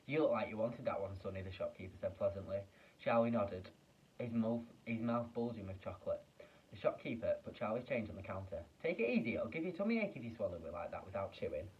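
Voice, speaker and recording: A man, a teacher, reading a children's book aloud with expressive storytelling and small slips. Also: on the low side, far from the mic, phone-quality sound, slight background noise.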